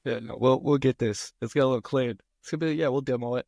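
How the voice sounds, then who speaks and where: A man hosting a podcast, upbeat and jokey, quick to laugh with his guests. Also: mid-range voice, fairly even intonation, vocal fry, a little mellow, no echo, clean studio sound. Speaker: podcast host. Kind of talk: casual podcast chat.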